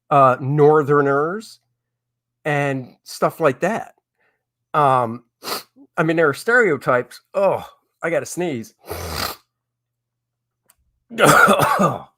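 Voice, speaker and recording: A man's voice: mid-range voice, fairly bright tone, dry recording. Middle-aged guy chatting on his stream, lots of ums and asides, dry close sound. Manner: rambling, chatty, with many fillers and asides. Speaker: comic artist hosting a live stream. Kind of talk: casual live-stream chat, reading viewer comments.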